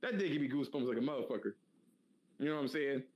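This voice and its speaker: A man co-hosting a podcast in a loose, casual chat, slangy and animated with lots of fillers. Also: medium pitch, racing, dull audio. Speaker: podcast co-host.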